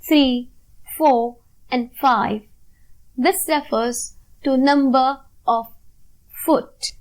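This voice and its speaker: A woman teaching a recorded lecture over slides, talking in a slow, deliberate way and stressing syllables one by one. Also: high-pitched, low-quality recording. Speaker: literature teacher.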